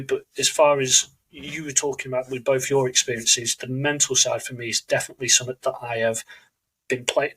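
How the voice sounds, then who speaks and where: A podcast host with a husky voice that sits at an ordinary pitch. He talks in an earnest, reflective way and stops to search for his words. This is a relaxed conversational chat. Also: rough recording.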